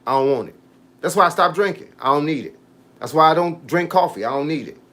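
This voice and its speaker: Man in his fifties, boxing coach, livestream chat, fairly high voice, animated, slangy, preachy advice. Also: quick pace. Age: 50s. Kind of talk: casual livestream chat reading comments.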